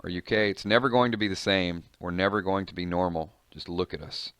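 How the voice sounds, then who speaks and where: A man's voice: deep voice, brisk, fairly bright tone, clean tone, no room sound, studio quality. A man voicing a distraught, frightened woman in a comic reading, reproachful and distressed. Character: distraught woman, shocked and fearful.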